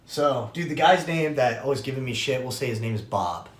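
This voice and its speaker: A young man, a podcast host, telling a story in casual chat, animated and profane, acting out the voices of people he quotes. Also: mid-range voice, fairly quick. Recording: roomy echo.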